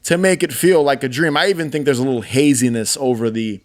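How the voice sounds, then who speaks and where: A man's voice: mid-range voice, fast. A man in his thirties co-hosting a podcast, chatting casually and telling things with enthusiasm. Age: 30s. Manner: animated, enthusiastic storytelling with laughs. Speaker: podcast co-host. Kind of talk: casual chat.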